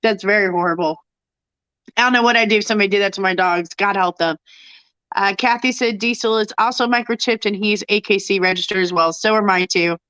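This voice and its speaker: A woman's voice: medium pitch, fairly even intonation, brisk, fairly bright tone, clear, resonant tone, no room sound, rough recording. A woman hosting a casual chat, congested and tired from illness, laughing often and reading out viewer comments. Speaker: host.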